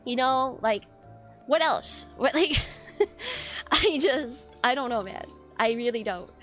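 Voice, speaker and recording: A woman's voice: high voice, animated, slow pace, fairly bright tone, faint music behind. A woman streamer venting in a casual, frustrated rant, swearing often and rambling with lots of fillers.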